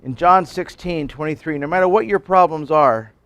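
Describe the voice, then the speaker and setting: A man's voice: a little high, normal speed, a bit bright, highs cut off. A man in his sixties, a pastor, giving a folksy sermon at a men's breakfast, telling stories with jokes and acting out quotes.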